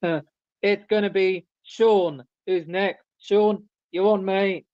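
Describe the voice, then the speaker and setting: A man's voice: sits high, steady tone, slow, dry recording. A man guesting on a live fan stream, laid-back and playful with wrestling slang, over dull lo-fi call audio. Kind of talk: live stream sign-off chat.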